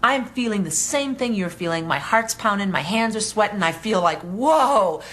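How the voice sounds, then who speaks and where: A woman's voice: medium pitch, animated, normal speed, a bit bright, slight background noise, lightly acted. A woman quoting a cheerful, brave woman skier who reassures her in an upbeat way. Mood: reassuring.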